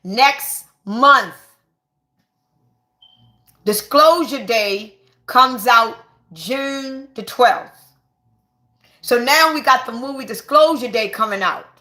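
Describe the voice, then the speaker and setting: A woman, giving an excited, emphatic spiritual monologue to her viewers and repeating herself for stress. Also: a little high, takes it slowly, long pauses. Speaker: spiritual vlogger. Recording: echoey room.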